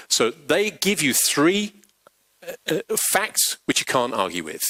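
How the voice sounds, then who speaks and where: A man giving a pitch coaching workshop, animated and acting out example quotes. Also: measured pace, dry recording, low-quality recording. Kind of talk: workshop talk. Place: large workshop venue.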